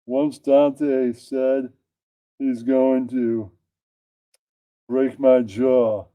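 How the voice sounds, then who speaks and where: A man reading out a crude comedy bit, profane and deadpan, tagging his jokes. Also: medium pitch, no room sound. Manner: profane, deadpan, tags jokes with "that's right". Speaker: comedy reader.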